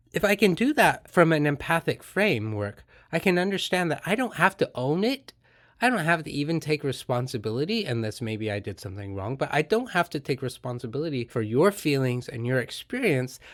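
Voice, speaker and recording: A man talks through his ideas in an earnest, gently explanatory way, now and then acting out calm exchanges. His voice sits at a middle pitch, and the recording is dry and close with no room sound. It comes across as a reflective podcast monologue. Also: dry recording. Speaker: podcast host and therapist.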